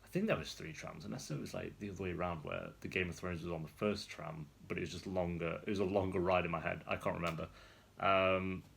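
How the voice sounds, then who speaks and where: Low gravelly young man chatting. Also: fast talker, a bit bright, a little hiss or hum. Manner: rambling, chatty, laughs often. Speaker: vlogger. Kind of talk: casual vlog storytelling. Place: seated indoors on a rolling chair.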